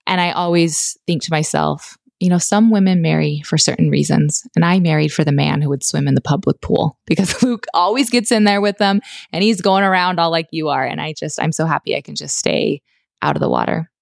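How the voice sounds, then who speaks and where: A woman's voice: sits low, brisk, gravelly, dry recording. A woman from Nebraska co-hosting a casual food and farming podcast, with dry, teasing humor. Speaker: podcast co-host.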